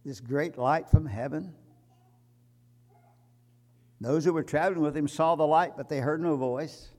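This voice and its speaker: Emphatic preacher man, higher voice. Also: measured pace. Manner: emphatic, rising to loud climaxes. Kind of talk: sermon.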